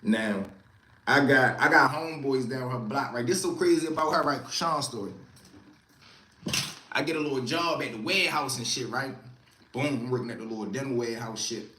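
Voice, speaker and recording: This Baltimore-accented host speaks fairly quickly in a mid-range voice, with an echoey room and slight hiss or hum in the recording. His casual stories are loose and heavy on slang, and he animatedly performs quoted voices at full volume.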